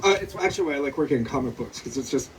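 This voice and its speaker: At a bookstore event before an audience, a man who is a comic book artist interviews an author, his medium-pitched voice expressive and racing. He hesitates a lot, with many "um"s and "uh"s, reading his prepared questions aloud from notes. A distant mic picks him up with faint noise.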